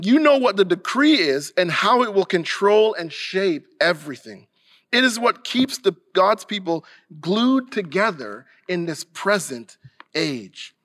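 A man's voice: sits high, very animated, measured pace, a bit bright. A male pastor preaching a sermon earnestly and emphatically, sometimes restarting a phrase.

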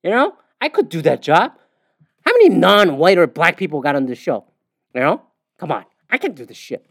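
A man's voice: fairly high pitch, big pitch swings, moderate pace, a bit bright, dry recording, clean studio sound. A man hosting a podcast, ranting casually about sports media, swearing often and filling gaps with "uh" and "you know". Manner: profane, ranting, with frequent fillers. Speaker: podcast host.

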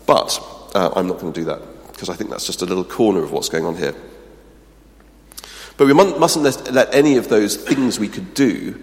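A man's voice: on the low side, normal speed, long reverb tail. A man preaching a sermon, earnest and emphatic, often restarting with ums, then leading a closing prayer.

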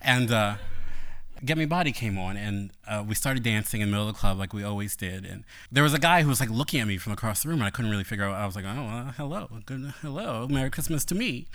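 Bright-voiced animated male storyteller. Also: lowish voice, quick pace, smooth. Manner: animated, playful, turns quiet and reflective. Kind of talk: personal story told on stage.

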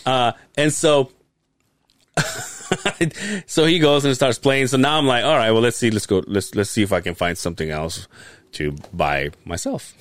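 A middle-aged podcast host in full storytelling mode, his voice jumping around with lively ups and downs. He swears casually and laughs at his own story. The sound is dry and close, with no room echo. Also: medium pitch, a little slow. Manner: animated, profane, laughs while telling stories.

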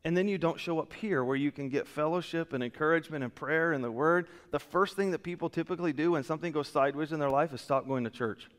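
A male pastor delivers a sermon with a fairly high voice, acting out people's excuses and swinging between loud and hushed. His voice rings through a church hall with a long reverb tail. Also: fast, hardly any pauses. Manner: animated, acts out quoted excuses, voice rises and drops sharply.

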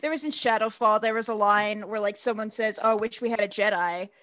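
A woman's voice: mid-range voice, fairly quick, a bit bright, no room sound. A woman co-hosting a podcast, teasing and jumping in with jokes. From Italy (heritage). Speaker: podcast co-host. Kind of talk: casual chat.

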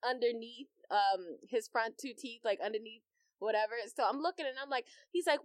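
A woman's voice: on the high side, brisk, a bit bright, no echo, clean studio sound. A mother in her thirties co-hosting a podcast, chatting casually, swearing freely and laughing through her stories. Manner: profane, laughing storyteller. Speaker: podcast co-host. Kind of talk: casual chat.

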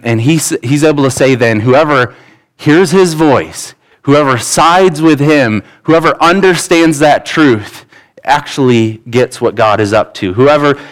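A man's voice: medium pitch, low-quality recording. A pastor in his thirties preaching a sermon in an earnest, conversational way, with asides and restarts.

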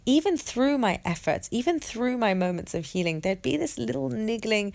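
A woman sharing a personal story in a candid monologue, reflective and halting, with many restarts and fillers. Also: mid-range voice, lively intonation, vocal fry. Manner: earnest and open, swears casually.

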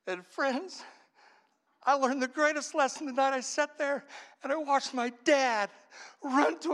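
A man preaching a sermon, telling a story dramatically, his voice swinging from hushed to shouting. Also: extremely high pitch, steady tone, unhurried.

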